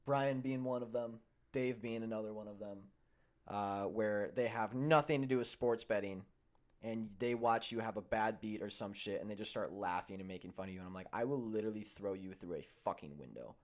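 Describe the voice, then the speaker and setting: At normal speed, a young sports betting show host spins expletive-laden stories in easygoing chat, flaring into heated rants and then sinking to muttered grumbles.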